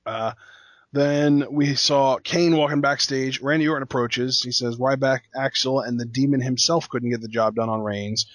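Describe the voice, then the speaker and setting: A man's voice: medium pitch, fairly even intonation, normal speed, fairly bright tone, no room sound. A man co-hosting a casual wrestling recap podcast, speaking in a wry, laid-back way. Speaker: podcast co-host.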